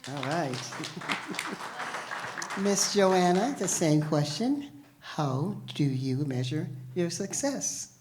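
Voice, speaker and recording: Low-pitched, lively woman moderating a panel. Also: extremely slow. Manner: brief, upbeat prompts. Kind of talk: live podcast panel moderating. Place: live event at a university. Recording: noisy live recording.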